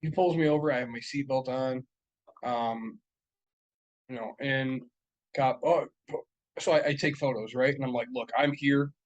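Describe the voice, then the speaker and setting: A man's voice: medium pitch, moderate pace, long pauses, muffled recording. A young man co-hosting a casual podcast chat, telling long profane stories full of fillers and laughs. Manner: profane, rambling storytelling with frequent laughs and fillers. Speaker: podcast co-host.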